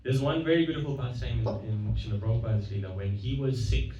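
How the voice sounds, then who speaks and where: A man's voice: mid-range voice, fast, noisy background. A man giving a devotional lecture at a temple. He tells stories conversationally, acts out the quoted dialogue, and often corrects himself mid-sentence. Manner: conversational, with frequent self-corrections. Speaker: guest speaker at a temple. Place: temple hall. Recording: echoey, distant, dull-sounding hall recording.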